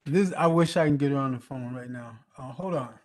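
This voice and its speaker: A man's voice: mid-range voice, brisk. A man hosting an open mic over a video call, joking and telling stories in casual chat. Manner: joking, animated storyteller.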